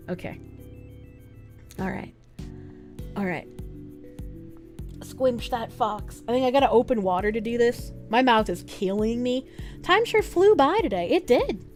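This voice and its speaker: A woman livestreamer chatting casually and thanking viewers for donations, crude and joking, swearing freely. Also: mid-range voice. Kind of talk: casual stream chat, reading out donations.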